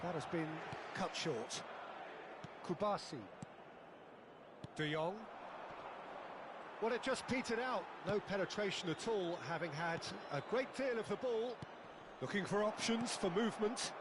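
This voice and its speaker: A man doing play-by-play football commentary, flowery and dramatic, erupting with excitement at big moments. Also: sits high, measured pace, long pauses. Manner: flowery, dramatic, bursts into loud excitement at goals. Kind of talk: sports commentary from a video game. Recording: loud background noise.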